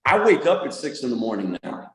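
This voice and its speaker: A man talking as a podcast guest, an animated storyteller who does voices and laughs often in casual interview chat. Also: mid-range voice, fairly quick, echoey room, poor audio. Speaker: podcast guest, music producer and manager.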